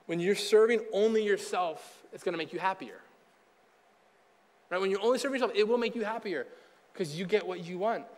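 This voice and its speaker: A man's voice: high-pitched, brisk. A young man preaching a sermon as pastor in a casual, conversational way, acting out what the people in his stories say. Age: young adult. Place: church hall. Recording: hall reverb with faint music.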